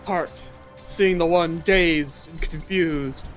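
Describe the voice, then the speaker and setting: A man's voice: on the high side, steady tone, slow, faint music behind. A man playing in a tabletop game who calls out his rolls and adds mock-archaic flourishes. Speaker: player.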